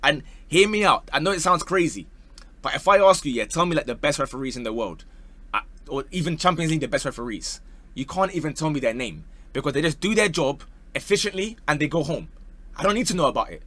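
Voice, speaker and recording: A man's voice: on the high side, fast. A young man giving casual, mocking football commentary to camera, full of slang and "bro". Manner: animated, mocking, slangy, says bro a lot. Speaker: football opinion vlogger.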